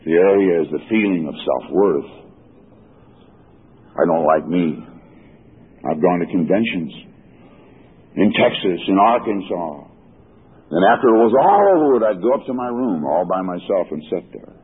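A man's voice: sits low, expressive, moderate pace, pauses often, slightly rough, narrow, tinny audio. A man in his sixties telling his own recovery story at a meeting, folksy and emotional. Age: 60s. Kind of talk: personal recovery talk.

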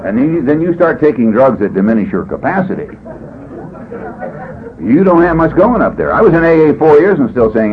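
Older man, folksy meeting speaker, lively swooping delivery, on a dull lo-fi tape. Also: medium pitch, fairly quick. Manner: folksy, jokey, animated storytelling. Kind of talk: storytelling share at a meeting. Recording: dull lo-fi tape with faint hiss.

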